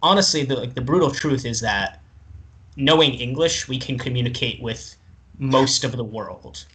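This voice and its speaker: A man's voice: mid-range voice, normal speed, a bit bright. A young man hosting a casual chat with friends, laughing often and asking the others questions.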